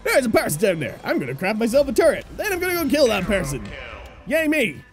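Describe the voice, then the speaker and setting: Excitable high swearing young gamer woman. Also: quick pace. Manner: excitable, swears a lot, laughs often. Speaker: gameplay streamer. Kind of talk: gameplay commentary.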